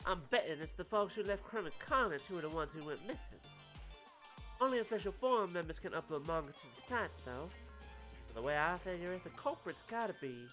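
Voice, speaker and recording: A man's voice: fairly high pitch, a bit bright. A man voicing a chatty young country girl who talks in a folksy rural drawl.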